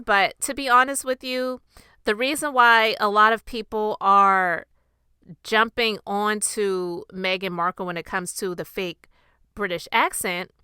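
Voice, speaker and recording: A woman's voice: medium pitch, sharp tone, clear, resonant tone, no room sound. A woman hosting her own commentary podcast, talking straight to her listeners in a chatty, opinionated way. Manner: chatty, opinionated, addresses the audience directly. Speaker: host of a commentary channel and podcast. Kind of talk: casual commentary monologue.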